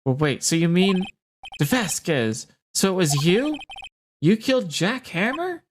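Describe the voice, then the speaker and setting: A woman's voice: on the low side, big pitch swings, measured pace, a little hiss or hum. A woman reading the lines of an earnest young male defense lawyer in a game. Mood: shocked.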